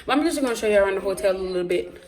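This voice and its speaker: Speaking rapid-fire in a mid-range voice with lively intonation, this young woman films a casual vlog on her phone camera at an airport and in her hotel room. Her chatty, playful talk is aimed at "guys" and "y'all," and the recording picks up plenty of noise.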